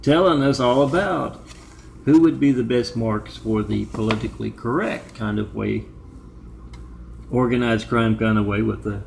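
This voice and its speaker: A man's voice: mid-range voice, normal speed, gravelly, darkish tone, a little hiss or hum. A man talking in a long, digressive monologue, often stopping to spell out numbers and web addresses letter by letter. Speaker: video maker. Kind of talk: rambling monologue.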